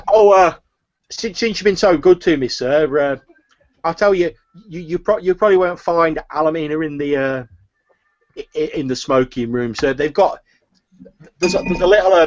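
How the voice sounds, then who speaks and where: A man's voice: on the high side, normal speed, dull audio, pitched above the performer's own voice, natural voice. A man voicing a nervous, fawning woman who sells turnips, stammering and calling everyone sir.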